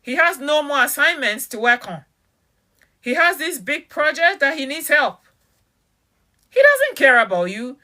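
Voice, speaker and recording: A woman giving a motivational talk, emphatic and direct, repeating key phrases slowly and challenging the listener with questions. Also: high voice, very animated, sharp tone. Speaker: motivational speaker.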